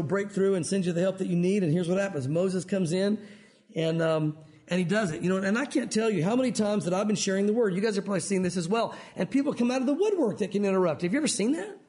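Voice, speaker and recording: A man's voice: sits high, fast. A man giving a conversational Bible teaching to a men's group. He tells stories in a chatty way and says "you know" often. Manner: chatty, sprinkled with "you know", animated storyteller.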